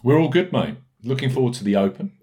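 A man hosting a casual podcast, brisk and jokey, reading out notes and listener reviews between banter. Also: mid-range voice, animated, mellow. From United Kingdom. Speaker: podcast host.

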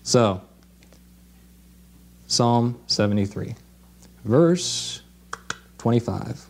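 A man's voice: on the low side, unhurried. A man preaching an informal sermon in a conversational way, with fillers and restarts.

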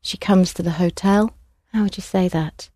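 Patient woman language teacher, mellow voice. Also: on the low side, steady tone, normal speed, no room sound, clean studio sound. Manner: clear, patient prompting of students. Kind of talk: classroom instruction.

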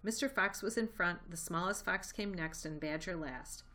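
A woman reading a children's storybook aloud, lively and expressive. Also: fairly low pitch, normal speed. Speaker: reader. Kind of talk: storybook read-aloud narration.

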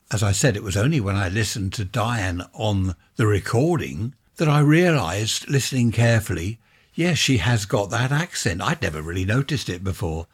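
An older man from England hosts his show alone, talking in a loose, wandering way and chuckling as he goes. His voice sits low with a husky, slightly rough edge. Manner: chatty, wandering, with chuckling asides. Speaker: podcast host. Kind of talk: rambling casual monologue.

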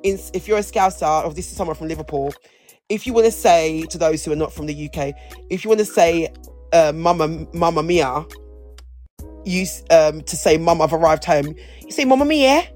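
Her voice sits low with a darkish tone, moving at a normal speed while faint music hums in the background. As a podcast co-host, she chats casually and playfully, rambling and frequently restarting what she says.

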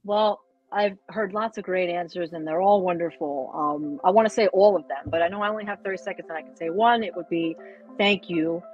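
A woman with a New York accent, a guest on a podcast in casual chat, earnest and quick to laugh. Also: on the low side, lo-fi sound. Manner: warm, earnest, laughs easily.

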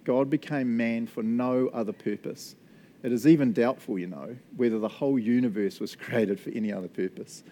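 A pastor delivers a casual, enthusiastic sermon in a warm, mid-range voice at normal speed, often checking in with the congregation. He's chatty, laughs a lot, and tags lines with "eh?" and "right?". A little hiss or hum sits in the recording.

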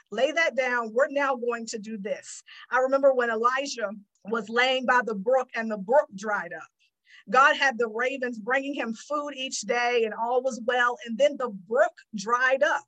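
A woman's voice: fairly high pitch, fairly bright tone, poor audio. A woman hosting a faith-based motivational podcast, talking earnestly like a preacher and acting out her prayers to God. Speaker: podcast host.

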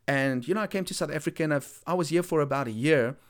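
A man's voice: on the high side, fast, lightly acted. A man voicing a homesick migrant farm worker, plain and hesitant as he pleads for advice. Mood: troubled.

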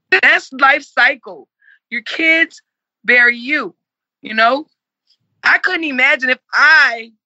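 A woman's voice: a little high, sharp tone, no room sound, lo-fi sound. A woman in her forties, speaking earnestly and with passion in an interview and repeating herself for emphasis. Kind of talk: heartfelt conversational interview.

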